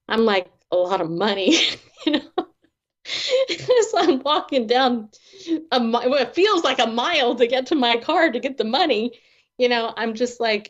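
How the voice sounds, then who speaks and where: A woman's voice: a little high, animated, normal speed. A woman who is a Christian therapist and author, guesting on an interview. She tells personal stories expressively, laughing often and acting out the dialogue. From not from the American South. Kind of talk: animated personal storytelling. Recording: dull lo-fi audio.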